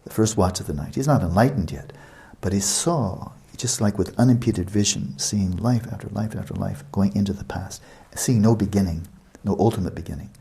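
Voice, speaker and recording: Male meditation teacher, lower register, mellow and relaxed tone; expansive, explanatory retreat-talk delivery with repetition and asides. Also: normal speed, vocal fry, hardly any pauses. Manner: expansive, explanatory, repeats words for emphasis; conversational asides to listeners.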